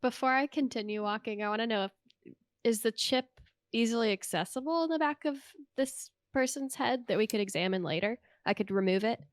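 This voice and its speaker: A woman's voice: a little high, a little fast, dry recording, clean studio sound. A woman playing a tabletop game, curious and giggly as she asks questions. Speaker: player. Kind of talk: casual tabletop play.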